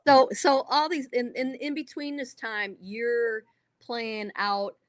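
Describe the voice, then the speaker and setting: A woman's voice: fairly high pitch, flat delivery, slow pace, no room sound. A woman hosting a casual music interview who keeps up frequent short affirmations. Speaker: talk show host.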